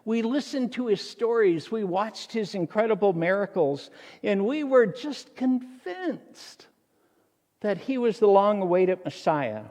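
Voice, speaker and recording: Pastor voicing earnest grieving disciple Cleopas. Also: male voice, high voice, animated, measured pace, darkish tone, in a large hall.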